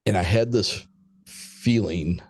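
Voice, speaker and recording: A man's voice: fairly low pitch, slow pace, husky, no room sound, clean studio sound. A man who is a podcast guest, telling a story in a candid, casual way. He swears freely and acts out conversations as he goes.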